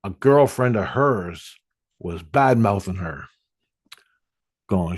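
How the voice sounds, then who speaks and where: A man's voice: deep voice, animated, slow pace, pauses often, breathy edge, no room sound. A middle-aged man telling a rambling, profane personal story about spiritual experiences. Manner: profane, meandering, blunt. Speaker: spiritual vlogger.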